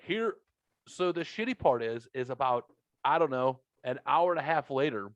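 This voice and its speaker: A man's voice: medium pitch, animated, normal speed, dry recording, dull audio. Profane, rambling podcast host, man. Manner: profane storytelling, acts out both sides of conversations. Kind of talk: casual chat. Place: home basement room.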